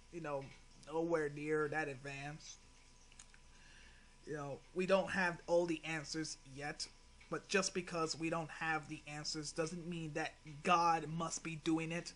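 Hosting his own channel, a man rebuts another video with casual commentary, sounding exasperated, sighing and swearing a bit. His voice is a little high, pushed and bright.

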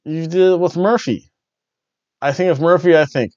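A man hosting a wrestling review podcast, rambling and joking, jumping between loud bursts and mumbled asides. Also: fairly high pitch, moderate pace, long pauses, dry recording, highs cut off. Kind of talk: casual review chat.

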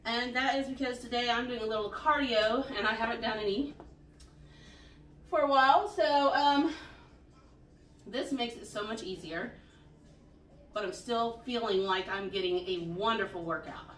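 A woman's voice: fairly high pitch, normal speed, pauses often, a bit bright, a little hiss or hum. A woman in a casual home workout vlog, counting her reps aloud and chatting frankly while a little out of breath. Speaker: vlogger doing a home workout. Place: room at home. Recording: echoey room, voice from a distance.

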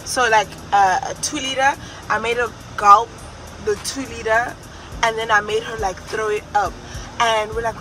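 A woman's voice: fairly high pitch, moderate pace, over music, poor audio. A young woman telling a personal story in a storytime vlog, speaking candidly and emotionally. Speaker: vlogger.

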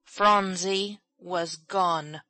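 A woman's voice: steady tone, extremely slow, sharp tone, no room sound, poor audio. A woman reading a classic children's novel aloud as an audiobook narrator, lifting her voice for the characters' lines. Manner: voices characters with raised pitch and volume.

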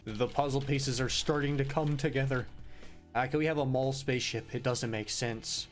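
A man commenting on a video game as he plays, joking around and swearing casually, with plenty of playful disbelief. His voice sits at an ordinary middle pitch, and faint game music runs underneath. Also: fairly even intonation, moderate pace. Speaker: gaming YouTuber. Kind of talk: let's play commentary.

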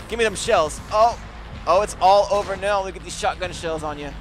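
A man giving loud, excitable let's play commentary, swearing and yelling at enemies. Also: high voice, normal speed, background noise. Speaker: gaming commentator. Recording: commentary over loud game music and effects.

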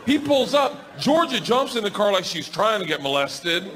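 Rowdy stand-up comedian shouting punchlines. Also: male voice, sits high, very animated, normal speed. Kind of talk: stand-up storytelling. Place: comedy club stage. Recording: stand-up club, crowd laughter, noise.

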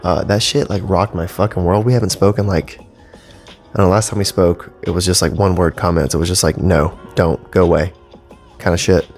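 A man's voice: low voice, fairly even intonation, moderate pace, a little mellow, faint music behind. A man in his thirties hosting a casual solo podcast from home, talking bluntly with lots of swearing and rambling asides. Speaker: podcast host. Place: home studio with cables. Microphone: podcast mic.

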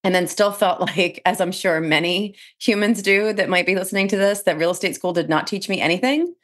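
Low-voiced, lively middle-aged woman storyteller. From New Jersey. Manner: animated storyteller, laughs often, quick restarts. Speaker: podcast guest, real estate speaker and trainer. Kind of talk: casual interview chat.

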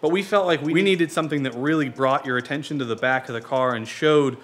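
A man's voice: medium pitch, brisk. Casual man hosting a car build vlog. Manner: relaxed, conversational, with fillers like "you know". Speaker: car build channel host.

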